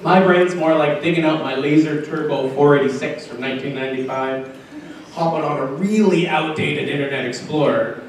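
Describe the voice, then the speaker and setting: A young Canadian man performing a crude, self-mocking stand-up comedy set at a convention, with filler pauses between punchlines. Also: on the high side. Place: convention hotel function room with live audience. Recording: very echoey, distant camcorder sound with faint room noise.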